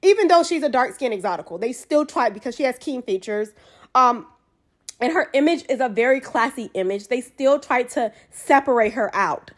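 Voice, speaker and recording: A woman with a Southern American drawl delivers a casual rant straight to camera. Her voice sits high, and she hammers her points with repeated phrases, breaking in with frequent ums and false starts. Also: expressive, normal speed. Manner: emphatic, repetitive, with frequent ums and restarts. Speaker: commentary vlogger.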